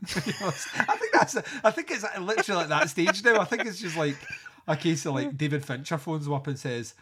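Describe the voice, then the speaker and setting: A man's voice: fairly high pitch, moderate pace. A man co-hosting a music podcast, chatting casually, swearing and laughing as he tells stories. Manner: sweary, laughing, animated storytelling. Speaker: podcast co-host. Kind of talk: casual chat.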